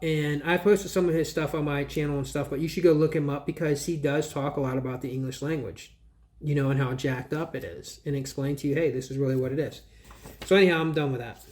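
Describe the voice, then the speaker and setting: A man's voice: on the high side, a little mellow. A man hosting his own channel, reviewing a book in casual, rambling commentary, scoffing at ideas and spelling words out letter by letter. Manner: digressive, restarts and trails off.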